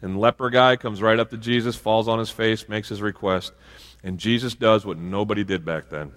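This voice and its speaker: A man's voice: lowish voice, steady tone, moderate pace, fairly bright tone, long reverb tail. A male pastor preaching a sermon in a conversational way, with asides and frequent restarts. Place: church sanctuary.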